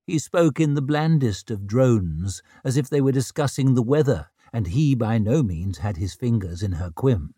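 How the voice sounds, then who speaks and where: A man narrating an audiobook with expressive storytelling. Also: mid-range voice, moderate pace, few pauses, slightly rough, no room sound. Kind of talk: scripted narration. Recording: dry close studio sound.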